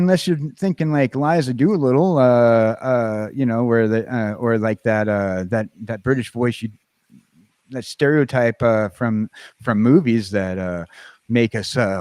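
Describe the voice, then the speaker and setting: Man, American accent, livestream host, casual rambling chat, halting with many fillers, dry close sound. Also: mid-range voice, a little mellow, clear, resonant tone, no echo. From United States.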